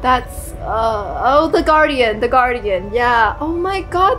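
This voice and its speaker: A young woman playing through a video game on her channel, reacting out loud with strong emotion, swearing and pleading with the characters on screen. Her voice sits high and her delivery is slow and drawn out. Game music plays faintly in the background. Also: very animated, rough recording. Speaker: gaming YouTuber. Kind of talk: let's play commentary.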